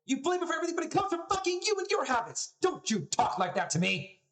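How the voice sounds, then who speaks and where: A man doing a shrill, bitter mother. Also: animated, moderate pace, gravelly. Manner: shrill, scolding, cursing.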